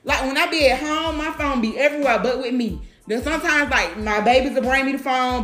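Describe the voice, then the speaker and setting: Blunt, profane woman with a high voice. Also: a little fast, hardly any pauses. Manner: blunt, profane, animated storyteller. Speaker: mother talking to camera. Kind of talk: casual monologue. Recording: roomy sound with faint music.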